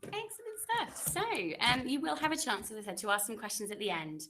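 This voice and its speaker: A woman who teaches French at a secondary school welcomes new pupils over a computer microphone in her classroom, her mid-range voice very animated, quick, bright and forceful. The talk is chatty and reassuring, full of fillers and restarts.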